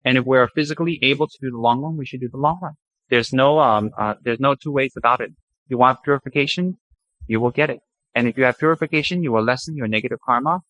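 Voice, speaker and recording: A man teaching a Buddhist practice, chanting long mantras slowly and then explaining them in a lively, joking way. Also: medium pitch, no echo, poor audio.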